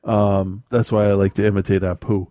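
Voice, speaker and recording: Podcast host, male, low voice, dry close sound, rambling anecdotal delivery. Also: little pitch movement, fairly quick, dark tone, no echo. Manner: rambling storyteller, self-correcting, laughs often. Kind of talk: casual chat.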